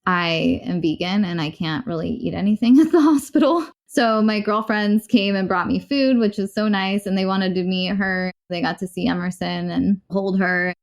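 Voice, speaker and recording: Woman, interviewee, candid storytelling, quick frank delivery, mid-pitched voice. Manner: rapid, frank, rueful, with short laughs. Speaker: interviewee recounting a personal experience.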